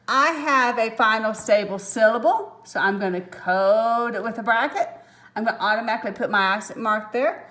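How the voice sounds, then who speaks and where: A woman teacher explains a phonics lesson in an unhurried, measured way. Her voice sits a little high, and she is patient and goes step by step. She adds small apologetic asides as she works through each word. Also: a bit bright.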